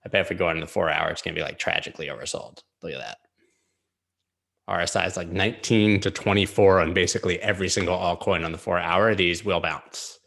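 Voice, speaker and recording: A man's voice: deep voice, quick pace, vocal fry, fairly bright tone. A man hosting a live-streamed chart analysis, rambling casually with jokey asides. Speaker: crypto chart analyst host.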